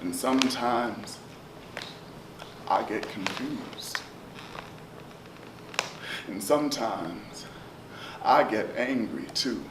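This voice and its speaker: A man performing spoken word poetry, rhythmic and chanting, with swings from loud to hushed. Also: lowish voice, drawn-out words, pauses often. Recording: roomy, distant live recording with noise.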